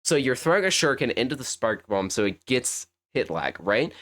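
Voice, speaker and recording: A man's voice: mid-range voice, sing-song, a little fast, fairly bright tone. A young man commentating a fighting game on a live stream, thinking aloud in a rambling, self-correcting way.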